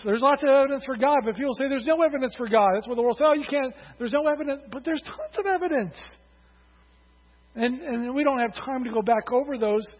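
A male pastor preaches with emphatic rising calls to his congregation. His voice sits high and a little husky. The sound is dull and lo-fi, with a long hall reverb around it. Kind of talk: sermon.

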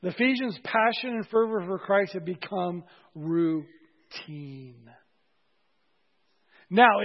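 Husky high-voiced male pastor preaching. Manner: conversational, joking with congregation. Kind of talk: sermon. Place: church. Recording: dull audio in a reverberant hall.

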